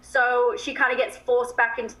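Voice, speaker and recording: A woman talking as an actress guest in a TV interview, chatty and quick to laugh. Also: fairly high pitch, level tone, bright, forceful tone, poor audio. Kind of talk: TV interview chat.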